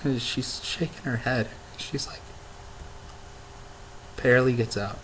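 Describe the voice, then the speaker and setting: Young dude vlogging, emotional, keeps restarting, mid pitch, bit of noise in the back. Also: male voice, a bit bright, low-quality recording. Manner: emotional storytelling, halting restarts. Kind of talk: casual vlog monologue.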